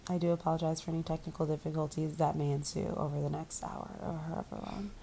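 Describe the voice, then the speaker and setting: A woman's voice: deep voice, flat delivery, quick pace, creaky, mellow, slight background noise. A woman with a stuffy nose chatting as a podcast co-host over a video call, acting out quotes and laughing. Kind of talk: casual chat. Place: resort room.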